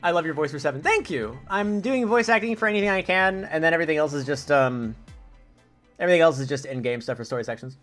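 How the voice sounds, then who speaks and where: A man's voice: a little high, animated, quick pace, fairly bright tone, faint music behind. A young man streaming a video game, chatting casually with his viewers in a rambling way with lots of fillers. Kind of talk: casual let's-play commentary.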